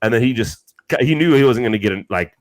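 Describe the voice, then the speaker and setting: A man's voice: medium pitch, lively intonation, fast, dry recording, rough recording. A man with a mid-range voice, telling a long story on a podcast. He rambles, restarts sentences and fills gaps with "like" and "you know." The recording is dry and close. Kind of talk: casual chat.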